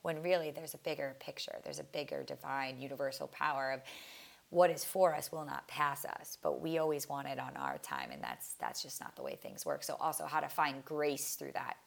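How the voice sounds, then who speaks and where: A woman's voice: extremely low pitch, lively intonation, normal speed, gravelly. A young woman hosting a solo podcast, talking in a casual, heartfelt, rambling way with frequent restarts and fillers. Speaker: podcast host. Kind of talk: reflective solo podcast monologue.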